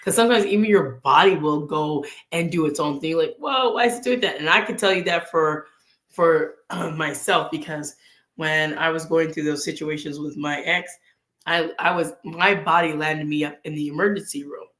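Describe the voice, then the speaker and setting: A woman's voice: low voice, steady tone, normal speed, a bit bright, roomy sound. A woman hosting a casual vlog, sharing faith and personal stories in an earnest way and acting out bits of inner dialogue. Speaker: vlog host.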